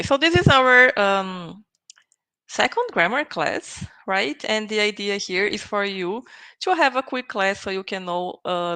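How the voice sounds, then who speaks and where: A woman whose first language is Portuguese gives a live online English grammar lesson. She speaks slowly and patiently, tagging her points with little check-ins, at a middle pitch. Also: sharp tone, smooth, low-quality recording. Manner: slow, patient, checks in with "okay?" and "right?". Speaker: English teacher.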